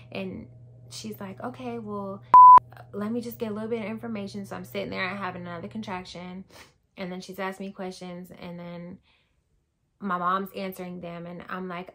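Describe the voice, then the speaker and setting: A young woman telling a birth story to her viewers in animated, casual chat, acting out what people said. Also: mid-range voice, gravelly, slight background noise. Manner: animated, addresses viewers as y'all, acts out quotes.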